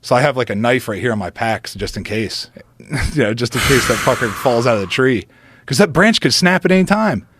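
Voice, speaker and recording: A man on a podcast telling a long hunting story in a casual, animated way, swearing often and laughing between lines. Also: medium pitch, a little fast, noisy background. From United States. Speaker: podcast guest, former football player.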